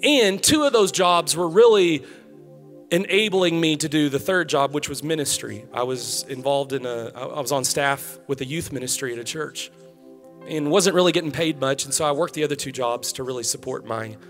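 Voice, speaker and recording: A man in his thirties delivers a relaxed, conversational sermon to a young crowd, his voice sitting a little high. He mixes personal stories with direct, friendly advice. Soft music plays faintly underneath. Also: moderate pace. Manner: casual, conversational preaching with storytelling. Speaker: pastor.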